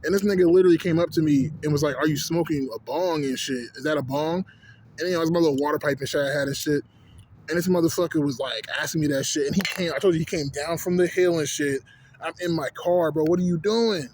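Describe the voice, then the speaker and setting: A man's voice: a little high, fast talker, slight background noise. Fired-up man ranting. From Houston, Texas. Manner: animated, heavy profanity, frequent "you know what I'm saying". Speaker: vlogger. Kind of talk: profane ranting monologue.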